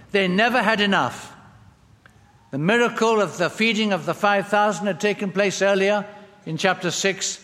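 A man preaching a sermon, expressive and emphatic, with dramatic pauses. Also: high voice. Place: church. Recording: long church reverb.

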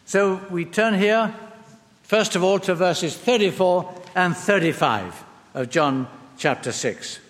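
A man preaching a sermon, expressive and emphatic, with dramatic pauses. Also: high-pitched. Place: church. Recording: long church reverb.

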